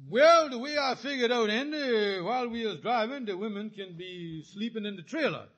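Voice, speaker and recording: An actor playing a scheming, fast-talking middle-aged husband in a 1950s radio comedy, wisecracking and stammering when cornered. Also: male voice, high-pitched, a bit bright. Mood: salesy. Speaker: lead comic character. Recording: scratchy old radio recording with hiss.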